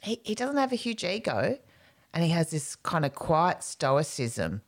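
A woman's voice: on the low side, big pitch swings, unhurried. A woman comedian co-hosting a casual chat, telling rambling stories and laughing through them. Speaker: comedian and co-host.

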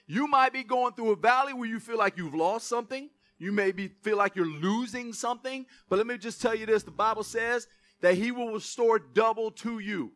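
High-voiced bright male preacher. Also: moderate pace. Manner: call-and-response preaching with asides and jokes; repeats key words with emphasis. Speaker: pastor. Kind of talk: sermon.

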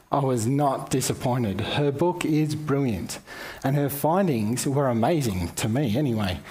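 A man with an Australian accent gives a conversational, sermon-style Bible teaching, dropping casual asides to his listeners. His voice is medium-pitched and a little mellow.

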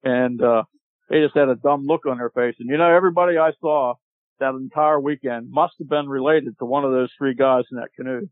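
A man telling a long hunting story as a podcast guest, animated and laughing as he goes. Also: mid-range voice, a little fast, no echo. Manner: animated, laughs while telling, acts out shouted quotes. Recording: tinny dry phone-line audio.

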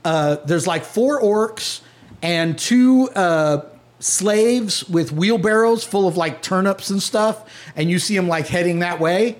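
A man with a fairly high voice running a tabletop game, narrating scenes in a relaxed, halting way. He fills his pauses with "um" and "like" as he sets the scene. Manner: casual, hesitant, many fillers. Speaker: game master.

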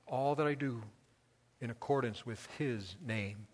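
A man preaching a sermon as pastor, emphatic, building his repeated lists up to loud peaks. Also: mid-range voice, a little slow, in a large hall.

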